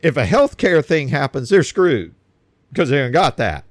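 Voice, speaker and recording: A man holds forth in an emphatic monologue, his somewhat high voice swinging up and down as he stacks points and repeats words. The sound is dry and close. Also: very animated, moderate pace, dry recording. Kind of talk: opinion monologue.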